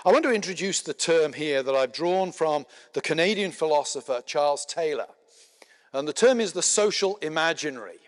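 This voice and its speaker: A middle-aged man giving a conference lecture in a measured, explanatory way, with frequent filler words and dry asides. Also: on the high side, lively intonation. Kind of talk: spoken lecture. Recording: long hall reverb.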